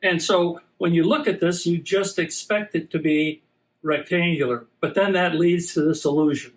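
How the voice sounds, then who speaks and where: A man calmly explaining the science behind optical illusions during a demonstration. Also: on the high side, moderate pace, poor audio. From USA. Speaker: science presenter.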